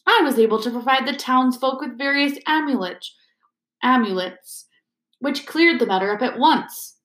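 Woman reader doing a vain boastful wizard, pompous, voice pitched up, echoey room. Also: normal speed, fairly bright tone. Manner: pompous, self-satisfied. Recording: roomy echo.

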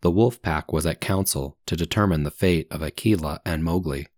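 An English teacher, a man with a very low, darkish voice, reads a story aloud to English learners, slowly and deliberately, stopping for comprehension questions. He's recorded close and dry, without any room sound.

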